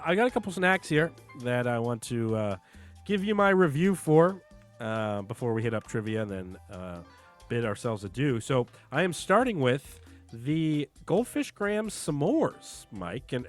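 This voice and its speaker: A man's voice: mid-range voice, very animated, moderate pace, faint music behind. A young man co-hosting a casual podcast, telling rambling, joking stories and laughing through them. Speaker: podcast co-host. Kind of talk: casual chat.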